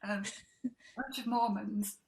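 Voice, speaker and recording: A woman's voice: mid-range voice, steady tone, unhurried, vocal fry, a little mellow, poor audio. A woman co-hosting a casual chat, laughing often and trailing off mid-sentence. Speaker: co-host.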